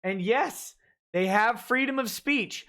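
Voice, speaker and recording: A woman's voice: on the high side, slow pace, fairly bright tone. Sarcastic ranting woman host. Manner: sarcastic, ranting, reads text aloud with asides. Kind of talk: livestream commentary.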